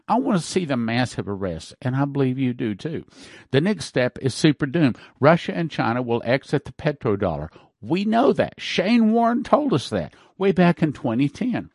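Preaching fervently between ad reads, this prophecy-broadcast host keeps returning to repeated words to press his points. His mid-range voice is a little mellow, very animated, and moderately paced, recorded dry in clean studio sound.

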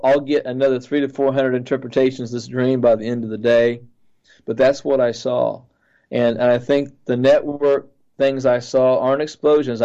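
A man, a pastor, earnestly recounting a dream in a halting way with many restarts. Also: mid-range voice, gravelly, mellow, highs cut off.

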